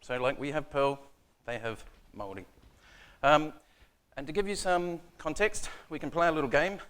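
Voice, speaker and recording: A man's voice: a little high, normal speed, fairly bright tone, clean tone. New man giving a casual tech talk. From New Zealand. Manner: casual, self-deprecating, many ums and uhs. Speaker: conference speaker. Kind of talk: technical conference talk. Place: conference room.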